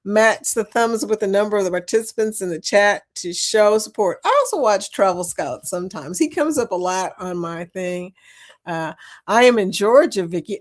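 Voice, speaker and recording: A woman's voice: mid-range voice, lively intonation, normal speed. Chatty woman hosting a livestream. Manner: chatty, laughs often, keeps saying y'all. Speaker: livestream host. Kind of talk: casual livestream chat, reading viewer comments.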